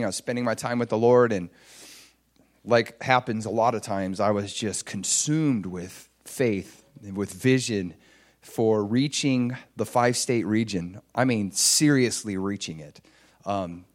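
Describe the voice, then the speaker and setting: Conversational pastor with a light Midwest accent. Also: male voice, on the low side, measured pace. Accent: slight Upper Midwest. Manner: conversational and self-deprecating, with laughs and restarts. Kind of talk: sermon.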